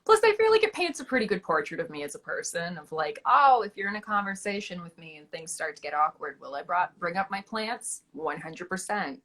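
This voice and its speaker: A young Canadian woman, an actress guest in a casual chat, playful and expressive. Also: lowish voice, brisk, hardly any pauses. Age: young adult. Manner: playful, expressive, plays with voices.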